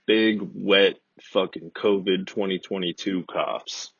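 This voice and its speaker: A man casually telling a rambling, profane, deadpan comedic story as a podcast host. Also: low voice, slow, gravelly, slightly rough, dry recording. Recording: dull lo-fi dry recording.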